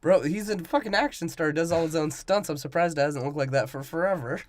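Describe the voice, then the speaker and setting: A man's voice: on the high side, fairly quick, no room sound. A man co-hosting a podcast, chatting loosely about a movie with crude humor. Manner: laid-back, crude joking. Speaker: podcast co-host. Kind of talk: casual movie-breakdown chat.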